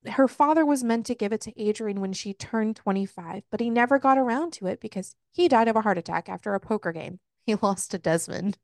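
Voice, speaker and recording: A woman co-hosting a casual book podcast, retelling a plot with lots of swearing and quick put-on quotes of the characters. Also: medium pitch, darkish tone, no room sound, clean studio sound. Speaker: podcast co-host. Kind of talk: casual book-review chat.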